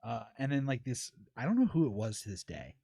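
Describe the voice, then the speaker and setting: Fast-talking man, animated podcast storyteller. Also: mid-range voice, creaky, breathy edge, no room sound. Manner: fast, animated storytelling with swearing and quoted voices. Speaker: podcast host and streamer. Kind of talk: casual chat.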